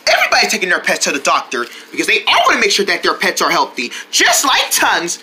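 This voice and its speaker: A woman narrating a children's toy role-play as the mother, in an animated singsong way. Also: on the low side, quick pace, a little hiss or hum.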